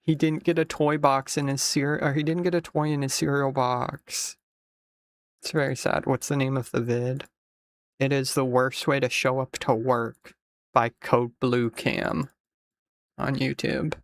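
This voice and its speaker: A man's voice: medium pitch, level tone, measured pace, dry recording. A man streaming, casually commenting on a video with amused jokes and frequent laughter. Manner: amused, joking, laughing often.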